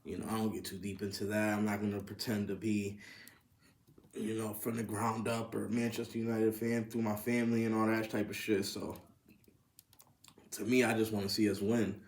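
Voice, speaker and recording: A man's voice: lowish voice, flat delivery, moderate pace. A man hosting a casual sports podcast, swearing freely and rising into incredulous outbursts. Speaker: podcast host. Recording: roomy echo.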